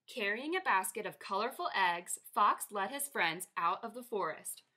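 A woman teacher reading a children's picture book aloud to her class in a lively, expressive way. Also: medium pitch, moderate pace, breathy edge.

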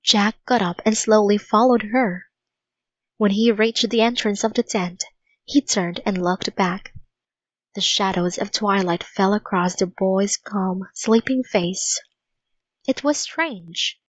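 A woman reading a children's storybook aloud in a clear, even, unhurried way, on a dull lo-fi recording. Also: mid-range voice, no echo. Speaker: narrator.

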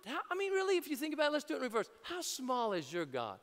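A man preaching a sermon as pastor in a large church, energetic and jokey, building to shouts. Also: extremely high pitch, quick pace. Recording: reverberant church hall.

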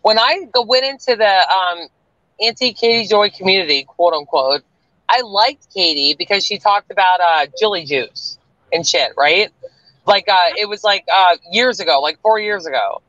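A woman's voice: mid-range voice, normal speed, fairly bright tone, no echo. Furious profane woman on dull stream audio. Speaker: livestream guest. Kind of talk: angry livestream rant. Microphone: online stream call audio.

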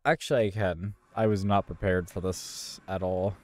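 A man's voice: on the low side, a little slow, a little mellow. A man hosting his gaming channel, giving live gameplay commentary in an exasperated, self-talking way with mild cursing.

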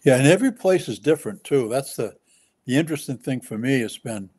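A man speaking as a pastor in a relaxed ministry conversation, pausing and restarting often as he describes his work. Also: medium pitch, breathy edge. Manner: halting, with many restarts and fillers.

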